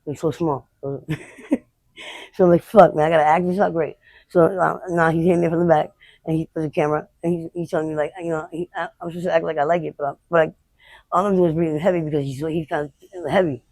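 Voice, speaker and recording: A woman interviewed outdoors on the street, recounting her experiences in a blunt, unfiltered way with halting restarts. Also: deep voice, fairly even intonation, a little mellow, dry recording, rough recording. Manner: rapid, halting retelling. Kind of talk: candid personal storytelling.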